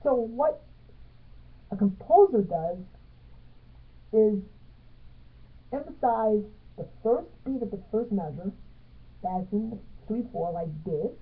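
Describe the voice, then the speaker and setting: Female music teacher, unhurried and halting, counts beats aloud; narrow lo-fi audio. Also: mid-range voice, lively intonation, husky. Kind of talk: piano music theory tutorial. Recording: tinny phone-like sound.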